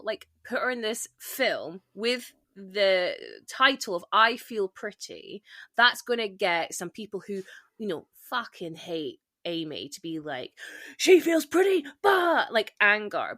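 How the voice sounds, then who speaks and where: A woman's voice: medium pitch, bright, forceful tone, no echo, studio quality. A woman hosting a podcast, talking in a chatty, casual way with frequent swearing and many short agreeing replies. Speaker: podcast host.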